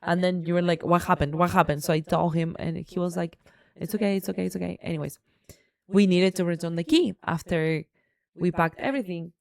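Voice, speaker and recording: A woman's voice: fairly low pitch, brisk. A woman co-hosting a casual podcast, telling a story with energy and acting out the dialogue. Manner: animated, acts out dialogue. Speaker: podcast co-host.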